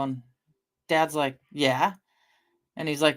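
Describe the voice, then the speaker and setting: A woman's voice: sits low, fairly even intonation, slow, pauses often, fairly bright tone. A middle-aged woman from the American Northwest, chatting casually on a livestream. She rambles through anecdotes, swears casually and answers her chat.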